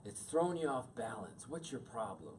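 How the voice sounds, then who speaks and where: A man's voice: mid-range voice, big pitch swings, normal speed, a little mellow, far from the mic, a little hiss or hum, natural voice, low-quality recording. A man quoting his exasperated mother in a scolding tone, close to his own voice.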